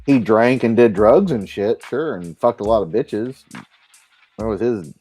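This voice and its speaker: A man hosting a live stream, talking in a rambling, profane, animated way. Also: on the low side, a little slow, faint music behind. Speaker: stream host. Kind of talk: casual chat.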